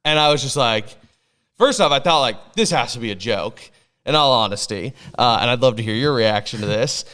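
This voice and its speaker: A man co-hosting a podcast, chatting casually and telling a long story full of fillers and restarts. His voice is smooth and resonant, at an ordinary pitch for a man. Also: expressive, a little fast, fairly bright tone. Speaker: podcast co-host. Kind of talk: casual chat.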